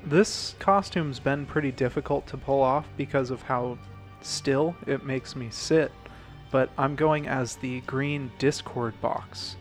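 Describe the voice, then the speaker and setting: A man with a mid-range voice riffs in an improvised comedy chat. He speaks in a dry, halting, mock-serious way, often restarting his phrases. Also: medium pitch, faint music behind.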